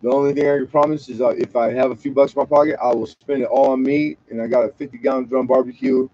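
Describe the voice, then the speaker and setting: A man's voice: mid-range voice, fairly even intonation, quick pace, mellow. Rambling, profane man on a lo-fi stream. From Southern California. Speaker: livestream host. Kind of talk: casual late-night livestream chat.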